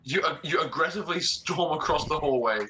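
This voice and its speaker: A man narrating as game master of a tabletop game, halting with frequent restarts. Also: fairly high pitch, bright, forceful tone, rough recording.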